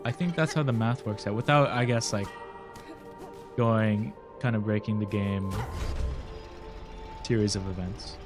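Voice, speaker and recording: A man's voice: fairly low pitch, a little slow, long pauses, music in the background. A young man with a nasal voice, rambling casually while streaming a game, laughing often and swearing now and then. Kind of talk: casual gaming stream chat.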